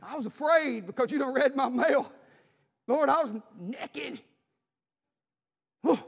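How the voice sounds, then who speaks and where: A male pastor preaching a sermon in a church, fervently crying out and shouting in bursts. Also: extremely high pitch, slow pace, creaky, big-room sound.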